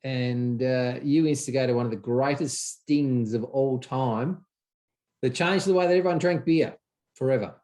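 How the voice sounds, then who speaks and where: An Australian man hosts a casual interview in a relaxed, encouraging way. His voice sits at a plain middle pitch for a man. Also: measured pace. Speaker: podcast host.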